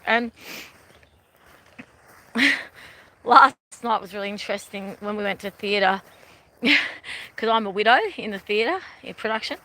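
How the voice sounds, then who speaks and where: A woman's voice: mid-range voice, unhurried, pauses often, bright, forceful tone. A middle-aged Australian woman chatting casually on a live stream while she walks outdoors by a river, rambling and often laughing. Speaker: vlogger.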